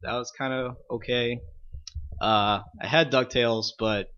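A man appearing as a podcast guest, talking in a relaxed way with some hesitant fillers and chuckles. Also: medium pitch, measured pace, muffled recording. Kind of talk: casual chat.

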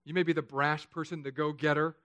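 A man preaching a sermon, telling stories with jokes and playful asides that turn hushed and solemn. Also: a little high, brisk. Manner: animated, joking storytelling with hushed, solemn turns. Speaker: pastor.

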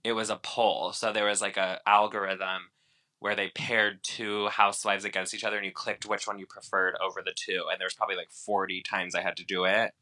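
A man's voice: lowish voice, level tone, a little fast, bright, forceful tone. A man co-hosting a podcast, joking and rambling in a sassy, casual way. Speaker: podcast co-host. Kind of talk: casual chat.

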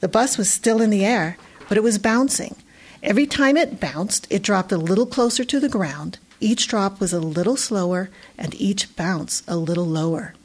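Expressive woman reading a children's book. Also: mid-range voice, moderate pace, breathy edge. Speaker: narrator. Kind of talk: audiobook narration.

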